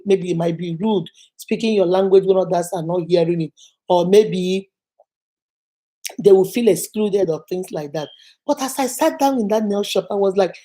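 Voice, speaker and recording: A woman's voice: medium pitch, warm tone. A middle-aged Nigerian woman, a native Igbo speaker with a Nigerian accent, giving an earnest motivational talk to camera and telling stories, repeating phrases for emphasis. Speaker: vlogger.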